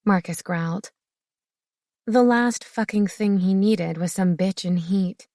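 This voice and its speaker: A woman reading an audiobook narration in a steady, expressive way. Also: medium pitch, slow, no echo, studio quality. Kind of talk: scripted narration.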